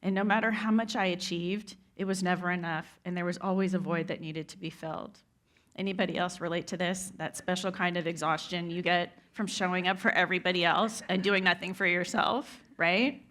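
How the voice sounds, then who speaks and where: A woman's voice: lowish voice, fairly even intonation, fairly quick, fairly bright tone. A woman delivers a motivational talk on stage. She tells her story with heartfelt conviction and often turns to address the listeners directly. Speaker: keynote speaker. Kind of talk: inspirational speech. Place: event stage before a live audience.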